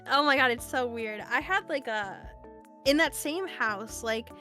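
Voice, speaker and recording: A woman's voice: high-pitched, a little slow, soft background music. A young woman streaming, telling stories in a casual chat full of fillers and swearing. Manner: animated storytelling, lots of fillers and swearing.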